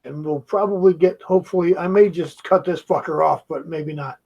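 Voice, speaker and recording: A man's voice: on the high side, a little fast, gravelly, mellow, dull audio. A man giving a heated, profane reaction commentary, mocking the video he is watching.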